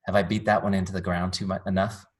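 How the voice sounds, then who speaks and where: A middle-aged man giving a live sales training, chatty and animated, telling stories with jokey asides to a group. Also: low voice, quick pace. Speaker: trainer and company founder.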